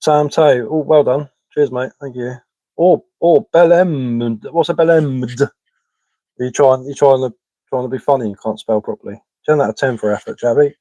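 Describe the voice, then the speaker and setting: Chatty Sussex-accented man, mellow and dry. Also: mid-range voice, fairly even intonation, fairly quick, dry recording, poor audio. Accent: West Sussex English mixed with London. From England. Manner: chatty, matter-of-fact, repeats words and says um often. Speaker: live-stream host, woodcarver. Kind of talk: casual live-stream chat reading viewer comments.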